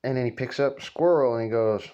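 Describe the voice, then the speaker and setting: A man's voice: mid-range voice, fairly quick, warm tone, clean tone, highs cut off. A man casually telling a rambling, profane story from his childhood, laughing as he goes.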